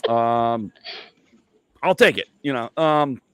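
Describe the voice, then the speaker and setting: A man's voice: medium pitch, a bit bright, smooth, dry recording. A middle-aged man hosting a podcast from home, talking loosely with lots of fillers and jokes. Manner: loose, rambling, joking, many fillers. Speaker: podcast host. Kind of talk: casual podcast chat.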